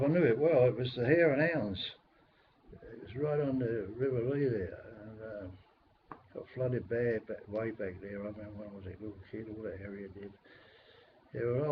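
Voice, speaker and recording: A man's voice: mid-range voice, slight background noise. An older man with a London accent chatting casually on a webcam, rambling and grumbling with the odd mild swear. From England. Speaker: webcam caller. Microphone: webcam microphone. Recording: dull lo-fi webcam audio.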